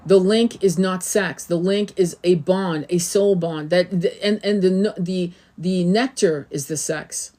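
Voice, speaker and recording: A woman's voice: on the low side, measured pace, few pauses, warm tone. A middle-aged woman giving casual spiritual advice as a tarot reader, blunt and swearing freely, often checking in with "okay?".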